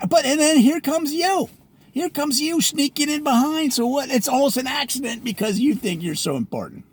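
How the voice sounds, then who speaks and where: High-voiced man in a mock-preachy rant. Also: animated, normal speed, slight background noise. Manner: ranting, preachy, mock-exasperated, bursts into shouting. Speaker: comedic presenter. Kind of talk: parody rant.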